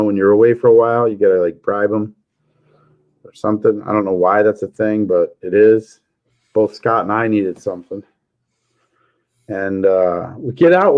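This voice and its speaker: A man's voice: lowish voice, narrow, tinny audio. A man hosting a casual livestream chat, telling jokey stories and chuckling often. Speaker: livestream host.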